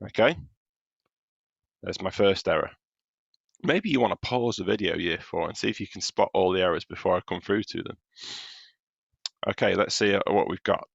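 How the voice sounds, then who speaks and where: A male primary teacher records a lesson from home, going patiently through the work one step at a time. His voice sits low and has a heavy gravelly grain. The sound is dry and close but slightly dull, as if from a modest home microphone. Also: moderate pace, long pauses, no room sound. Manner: patient, explains step by step while marking his own writing.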